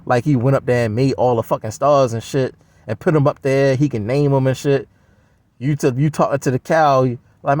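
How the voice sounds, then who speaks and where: A man's voice: medium pitch, lively intonation, fairly quick, a little mellow, dry recording. A man delivering a blunt, heavily profane, scoffing solo rant. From United States.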